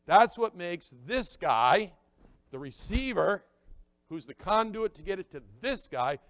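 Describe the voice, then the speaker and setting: A middle-aged man preaching a sermon, talking conversationally and acting out little dialogues, dropping to quiet asides and rising to loud emphatic points. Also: high voice, animated, a little slow. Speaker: pastor.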